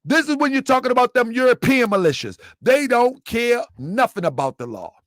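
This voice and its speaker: Emphatic high-voiced man hosting commentary. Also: very animated, moderate pace, fairly bright tone, dry recording. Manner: emphatic, repeats points, quizzes listeners. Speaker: commentary channel host. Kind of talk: live commentary to viewers.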